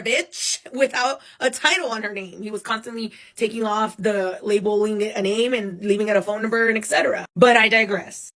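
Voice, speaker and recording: A woman in her thirties telling a personal story for a casual storytime vlog, animated and profane, acting out the people she quotes. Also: medium pitch, moderate pace, hardly any pauses. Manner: animated, profane, dramatic retelling with acted-out quotes. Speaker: storyteller recounting her own life.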